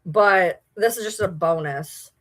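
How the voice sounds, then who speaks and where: Her voice sits at medium pitch, a little slow and slightly bright. She's a livestream host from Michigan, accent and all, rambling casually while replying to comments from her audience.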